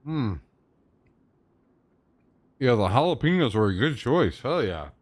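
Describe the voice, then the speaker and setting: A man's voice: mid-range voice, very animated, slow, no echo. A young man streaming from home into a desk microphone, in a loose, joking manner that swears casually and chats with his viewers. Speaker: livestreamer. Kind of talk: casual live-stream chat.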